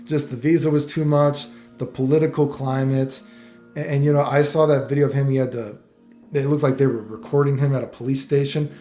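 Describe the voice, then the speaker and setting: A man's voice: mid-range voice, darkish tone. Rambling, profane man in an echoey room. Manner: rambling, profane, many fillers and restarts. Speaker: vlogger. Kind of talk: casual rambling commentary.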